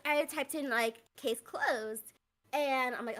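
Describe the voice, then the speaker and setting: A woman talking as a guest on a casual podcast, an enthusiastic storyteller who stammers when excited. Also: on the high side, a little slow. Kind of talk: casual chat.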